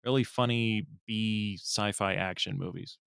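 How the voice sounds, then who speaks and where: A man co-hosting a casual online chat, blunt and excitable, swearing casually. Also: fairly low pitch, a little slow, vocal fry, smooth, no room sound, studio quality. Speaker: podcast co-host.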